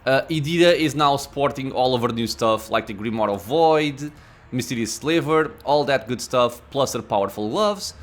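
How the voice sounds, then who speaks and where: A man's voice: mid-range voice, normal speed. A man giving casual gameplay commentary as a let's play host, thinking aloud with many "uh"s and laughing at himself.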